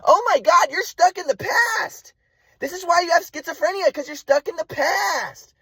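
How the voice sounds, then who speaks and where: A man putting on the voice of his furious, shrill mother, berating and swearing. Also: lively intonation, moderate pace, fairly bright tone, dry recording, heavily acted. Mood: shrieking. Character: furious shrieking middle-aged mother.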